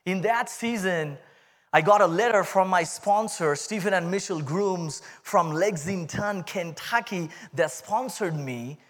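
High-voiced man with an Indian accent. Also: unhurried. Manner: animated, humorous storytelling that addresses the congregation. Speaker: guest speaker giving testimony. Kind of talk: testimony sermon.

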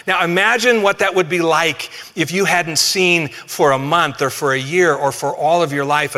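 Bright-voiced preacher in a reverberant hall. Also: male voice, fairly high pitch. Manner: conversational, humorous, addresses congregation directly. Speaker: pastor. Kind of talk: sermon.

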